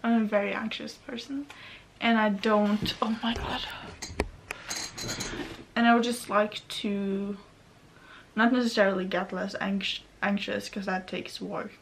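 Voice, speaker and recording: In a casual vlog monologue recorded at home near her computer, a Norwegian woman rambles and nervously corrects herself. Her mid-range voice stays level with vocal fry and a measured pace, and there's slight hiss or hum.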